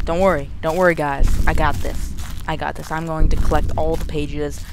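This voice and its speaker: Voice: mid-range voice, little pitch movement, moderate pace, vocal fry. A young adult gamer giving panicky, muttered commentary while playing a horror game. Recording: noisy home recording.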